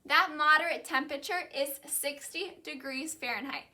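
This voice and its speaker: High bright teacher drilling vocabulary. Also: female voice, slight background noise. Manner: slow, clearly enunciated drilling of vocabulary. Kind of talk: call-and-repeat classroom lesson.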